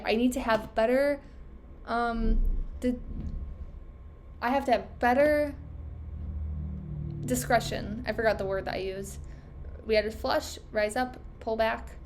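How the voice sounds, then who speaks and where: A woman's voice: on the high side, fairly even intonation, unhurried, long pauses, a little hiss or hum. A young woman trader thinking aloud over her charts, self-critical and trailing off, losing her voice. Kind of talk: casual self-talk screen recording.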